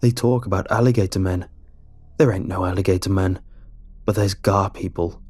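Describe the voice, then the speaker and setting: A man's voice: deep voice, steady tone, darkish tone, breathy edge, dry recording, faint music behind. A man voicing a rambling local drunk who slurs and stammers his words. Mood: ominous. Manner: slow, slurred, stammering mumble.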